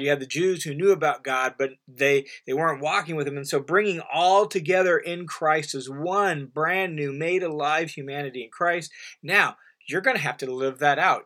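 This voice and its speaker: A man explains scripture verse by verse in a recorded teaching lesson. His voice sits a little high and sounds bright and forceful. He stays earnest and emphatic, with casual asides to the listener. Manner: conversational asides and fillers. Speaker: Bible teacher. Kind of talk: recorded Bible commentary lesson.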